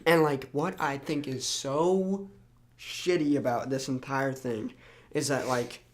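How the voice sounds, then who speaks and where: A man's voice: mid-range voice, steady tone, takes it slowly, slight background noise. A young man co-hosting a podcast in casual chat, rambling and stumbling over his words. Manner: rambling, full of ums and restarts. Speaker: podcast co-host.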